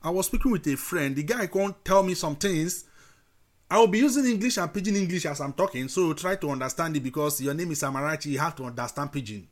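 A man's voice: a little high, lively intonation, fast. Nigerian man chatting about language. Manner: mixes English with Pidgin, frequent fillers and restarts. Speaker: host. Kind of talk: casual language chat.

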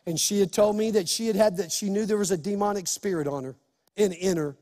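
A male pastor preaching an impassioned sermon, building to shouts. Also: high-pitched, brisk, long reverb tail.

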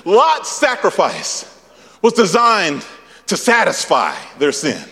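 A young male pastor preaching a sermon in a high, swooping voice that rises into shouts and repeats itself for emphasis. His voice rings out with a long reverb, as if he is in a large church hall. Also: slow pace. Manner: animated preaching with shouted peaks and repetition.

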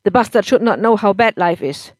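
A woman reading as a drunken, angry husband in a storybook reading, loud, harsh and bitter. The sound is dry and close, with a mid-pitched delivery that has no room echo. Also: expressive, brisk, natural voice. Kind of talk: audiobook-style story reading.

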